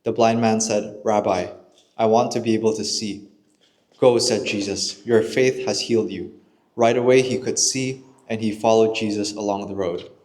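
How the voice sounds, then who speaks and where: A man giving a steady, measured Bible reading aloud in church. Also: fairly low pitch. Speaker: scripture reader.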